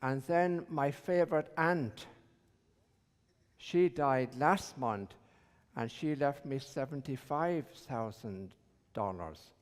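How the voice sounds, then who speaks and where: A man playing a glum bar patron who mourns his relatives yet counts every dollar they left him, speaking slowly and deliberately. The voice rings with a long church echo. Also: medium pitch, natural voice. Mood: mournful. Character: grieving man in a bar, cheerful about inheritances.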